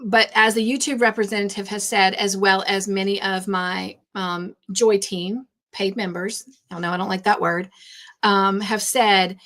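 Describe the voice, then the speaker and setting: A woman's voice: medium pitch, fairly even intonation, a little slow, a bit bright. A woman hosting a craft livestream, chatting casually and rambling, repeating herself when nervous. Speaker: craft channel host.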